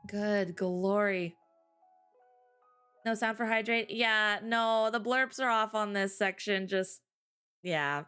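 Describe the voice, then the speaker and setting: A woman co-hosting a live stream, chatting casually, tired after a cry, with frequent giggles and drawn-out exclamations. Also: medium pitch, fairly bright tone, clean tone, soft background music. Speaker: streamer co-host.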